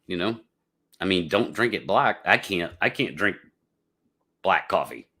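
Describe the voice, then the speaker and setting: A man's voice: low voice, animated, unhurried, bright, forceful tone. A man hosting a casual live podcast, chatting with viewers in a rambling, laid-back way with lots of fillers. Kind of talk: casual livestream chat.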